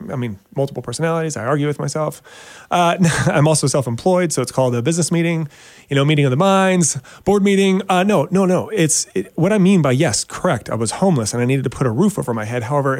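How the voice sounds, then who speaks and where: A man's voice: dry recording, clean studio sound. A man hosting a weekend radio talk show, joking and teasing himself as he talks about his subject. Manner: joking, self-mocking, animated with sudden pitch jumps. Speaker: radio show host and realtor.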